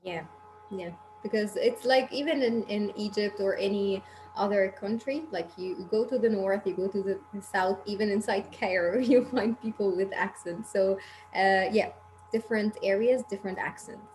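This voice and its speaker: A woman's voice: mid-range voice, moderate pace, a little mellow. Woman teacher hosting a noisy online English class. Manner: encouraging, asks questions. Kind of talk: casual online class chat. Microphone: video call. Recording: noisy video call audio.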